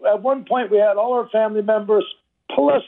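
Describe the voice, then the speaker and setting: A man's voice: high voice, fairly even intonation, brisk, creaky. Man on a tinny phone line. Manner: hesitant, warm, rambling storyteller. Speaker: guest on the phone. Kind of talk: casual phone interview.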